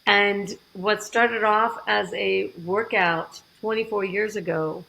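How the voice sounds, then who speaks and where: A woman guest on a podcast, telling her story in a lively way and acting out the dialogue she quotes. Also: mid-range voice, slow pace, vocal fry, rough recording. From United States. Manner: animated, acts out quoted dialogue. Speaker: fitness program founder, guest.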